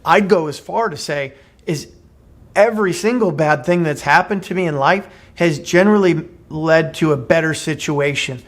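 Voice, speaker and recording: A male podcast co-host with a higher-leaning voice speaks at an ordinary pace. Earnest yet casual, he retells a short fable and often repeats words while launching into sentences.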